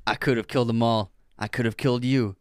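Man doing a gruff soldier's low threat, amateur impression, mid-pitched voice, dry close mic. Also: fairly even intonation, quick pace, no room sound, lightly acted. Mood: threatening. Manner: amateur impression of a film star. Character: gruff male soldier issuing a quiet threat.

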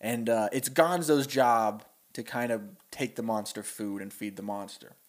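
A young man co-hosting a podcast, excitedly pitching a story with animated storytelling. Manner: animated storytelling, quick voice switches. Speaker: podcast co-host. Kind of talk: casual chat, pitching a story.

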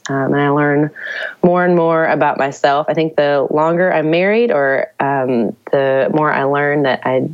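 Raspy, low-voiced woman with a cold. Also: a little slow, dry recording. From Nashville, USA. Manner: laughs often, chatty with many fillers. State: hoarse from a cold. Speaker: guest photographer. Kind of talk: casual interview chat. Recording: dry, slightly dull recording.

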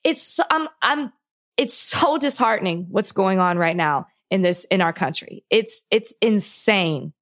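A woman's voice: mid-range voice, lively intonation, unhurried, fairly bright tone. A young adult woman co-hosting a podcast, speaking with frustrated passion and close to tears. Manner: impassioned, frustrated, near tears. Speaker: podcast co-host. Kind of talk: emotional podcast commentary.

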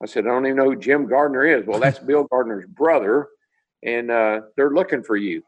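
A man's voice: medium pitch, brisk, highs cut off. An older man from Tennessee, a former racing driver telling stories in a video-call interview and acting out the dialogue. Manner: animated storyteller, acts out dialogue.

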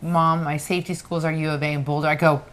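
Middle-aged lady cohost, soft and gushy, lowish voice, bit of hiss behind. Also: little pitch movement, fast. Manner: gushing, soft-spoken. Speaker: co-host. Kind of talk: casual chat.

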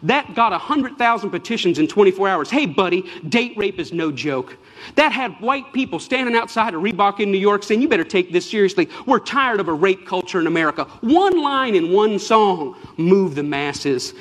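Impassioned high-voiced man in a hall. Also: expressive, moderate pace, a bit bright. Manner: emphatic, preaching cadence. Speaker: speaker giving a talk. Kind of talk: impassioned public speech.

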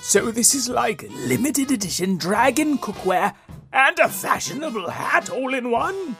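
A man's voice: very high voice, sing-song, a little slow, bright, forceful tone, faint music behind, pitched above the performer's own voice, exaggerated voice. A man voicing a pompous, self-important wizard with a grand, theatrical delivery. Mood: pompous, delighted.

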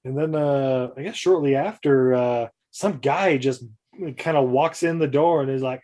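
Man, podcast co-host, dark mellow tone, loose rambling recap style. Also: mid-range voice, moderate pace. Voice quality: mellow, rambling with many fillers. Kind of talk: casual movie recap chat.

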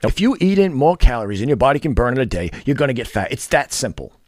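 A man's voice: medium pitch, big pitch swings, fast talker, darkish tone, no room sound, studio quality. Blunt, profane male vlogger ranting. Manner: profane, scornful, lecturing. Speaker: fitness and dating vlogger.

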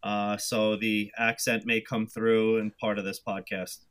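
New york guy on a podcast, bright voice, chatty storyteller. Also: fairly low pitch, level tone, unhurried. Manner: chatty storyteller, acts out his own past remarks. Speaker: guest. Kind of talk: casual interview chat.

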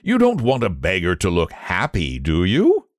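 A man voicing a flamboyant male painter who speaks in loud, exclamatory bursts. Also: sits low, huge pitch swings, moderate pace, no echo, studio quality. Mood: brusque. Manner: exclamatory, grandly teasing.

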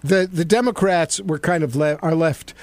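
A man's voice: fairly high pitch, moderate pace, a little mellow, no echo. A middle-aged man and former congressman hosting a satirical political chat, rambling and mocking with frequent stammered restarts. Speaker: show co-host, former congressman.

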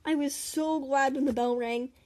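A woman's voice: sits high, fairly even intonation, normal speed, darkish tone. A young woman reading her own stories aloud in a chatty way, breaking off for giggly asides. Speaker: storyteller.

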